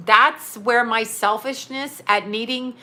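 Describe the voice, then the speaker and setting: A woman in her forties chats into her phone camera from a small home studio. Her voice is bright and a touch high. She talks bluntly and rambles, laughing often between thoughts. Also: fairly even intonation, slow. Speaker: psychic medium and vlogger. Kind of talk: casual livestream chat.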